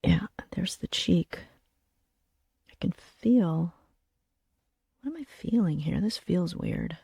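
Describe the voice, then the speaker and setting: Woman, low-ish voice, casual craft-stream host, rambling and thinking aloud, dry sound. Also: expressive, slow pace, creaky, warm tone, breathy edge, no room sound. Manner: chatty, thinking aloud, trailing into murmurs. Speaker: puppet builder and show host. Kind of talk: craft livestream demonstration.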